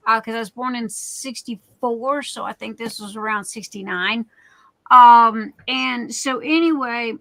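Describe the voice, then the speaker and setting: A woman's voice: fairly high pitch, bright, forceful tone, no echo, low-quality recording. A woman, telling a story in a rambling way on her livestream and often checking in with "okay?". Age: 60s. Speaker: livestream host.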